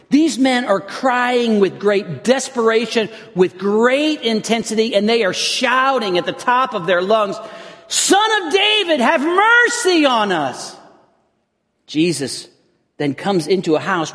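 A pastor delivers his sermon in a high, slightly husky voice. He preaches earnestly, often restarting phrases as he builds toward intense emphasis. The sound carries the long reverb of a church hall.

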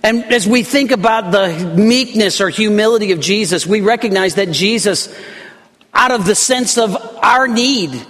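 Pastor, male, slightly high voice, impassioned sermon delivery, big reverberant sanctuary. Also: moderate pace. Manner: impassioned, swings between soft and loud. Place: church sanctuary. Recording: long reverb of a large room.

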